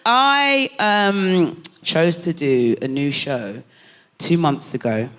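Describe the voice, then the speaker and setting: A woman comedian chatting on stage in an excitable, laughing, loud way. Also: sits low, takes it slowly. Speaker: comedian guest. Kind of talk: casual panel chat.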